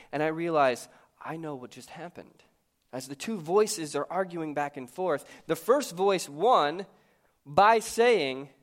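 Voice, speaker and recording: Pastor, thirties, male, slightly high voice, chatty and self-mocking while telling a sermon story. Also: measured pace. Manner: lively, conversational and self-mocking.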